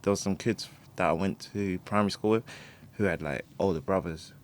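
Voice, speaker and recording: A man's voice: low-pitched, brisk. A man, co-hosting a casual podcast chat, telling stories with lots of laughter and casual swearing. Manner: animated storytelling, laughs often, swears casually. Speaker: podcast co-host.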